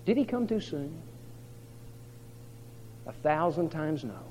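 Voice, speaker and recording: High-voiced preacher in an echoing hall. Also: male voice, very animated, slow pace, a little hiss or hum. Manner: dramatic storytelling, swinging from hushed to loud. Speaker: pastor. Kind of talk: sermon. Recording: reverberant hall, dull lo-fi sound.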